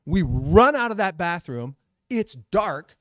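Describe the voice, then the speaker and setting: A man's voice: high voice, big pitch swings, slow pace, a bit bright, dry recording. A middle-aged man telling a story to a live audience, acting out the voices and sound effects.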